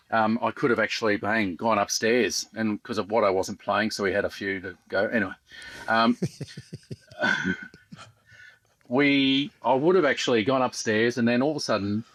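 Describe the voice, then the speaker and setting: An Australian man in his fifties, a former fast bowler guesting on a podcast, telling rambling stories with dry humour and lots of ums. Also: fairly low pitch, fairly bright tone, dry recording. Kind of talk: casual podcast chat.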